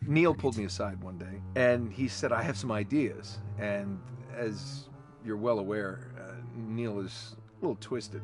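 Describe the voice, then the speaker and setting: A man's voice: lowish voice, unhurried, few pauses, music in the background. A man, a voice actor, recalling his work in a casual interview, talking hesitantly with restarts.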